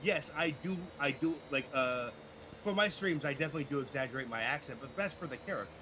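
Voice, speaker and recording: A man co-hosting a casual gaming chat, animated and joking, tripping over his words. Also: mid-range voice, quick pace, slight background noise. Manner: animated, joking, stumbling restarts. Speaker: gaming video co-host and streamer.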